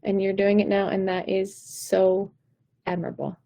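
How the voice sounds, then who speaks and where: A woman's voice: medium pitch, moderate pace, creaky, poor audio. A woman vocal coach giving an encouraging, direct pep talk on a live stream. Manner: encouraging, warm-hearted, direct.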